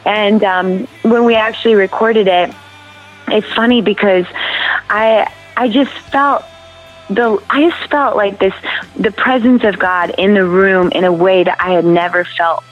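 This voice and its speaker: A woman's voice: measured pace, muffled recording, faint music behind. Earnest woman telling a story. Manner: earnest, animated, acts out quotes in high voices. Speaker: worship leader and singer. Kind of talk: casual interview storytelling.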